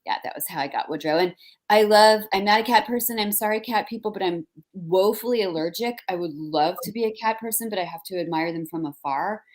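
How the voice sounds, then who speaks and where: A woman in her forties from New Jersey, an author telling animated, self-deprecating stories in casual conversation. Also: medium pitch, brisk. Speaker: author guest.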